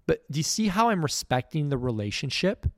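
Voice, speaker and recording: A man's voice: fairly high pitch, big pitch swings, fairly quick, dry recording, studio quality. A middle-aged man hosting a podcast, giving a blunt, emphatic motivational monologue. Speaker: podcast host.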